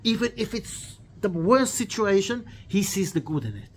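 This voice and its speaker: A man teaching a weekly religious lesson, telling stories in an animated way with quoted dialogue, earnest, and repeating key phrases. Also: high-pitched, normal speed, slightly rough. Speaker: Torah teacher.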